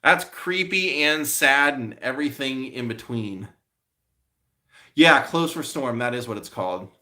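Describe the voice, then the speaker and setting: Bright-voiced man chatting on stream. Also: medium pitch, lively intonation, a little slow. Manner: rambling, with frequent fillers and a friendly "man"; answers viewer comments. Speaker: live stream host. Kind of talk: casual live stream chat.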